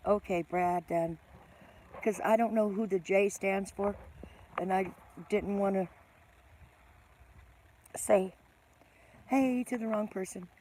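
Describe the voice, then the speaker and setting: A woman's voice: medium pitch, fairly even intonation, slow, pauses often, dark tone, slight background noise. A middle-aged woman hosting a casual live stream, greeting viewers by name and teasing herself.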